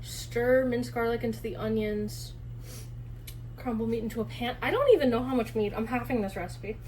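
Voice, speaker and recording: A woman's voice: fairly high pitch, moderate pace, darkish tone. A woman vlogger chatting casually while she cooks in a kitchen, rambling, mocking herself and swearing freely. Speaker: streamer and cooking vlogger. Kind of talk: casual cooking vlog chat. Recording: noisy kitchen with chopping sounds.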